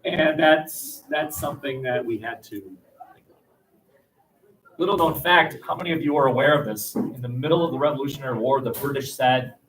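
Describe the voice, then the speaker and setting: A man teaching history in a lively classroom lecture, joking and acting out quotes with plenty of fillers. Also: medium pitch, moderate pace, slight background noise. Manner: jokey, acts out quotes, many fillers. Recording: voice from far off the mic in a classroom.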